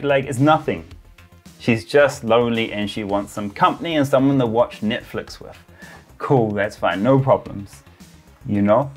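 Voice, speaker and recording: A man telling a travel story in a casual, chatty way, full of filler words. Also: fairly low pitch. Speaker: travel vlogger.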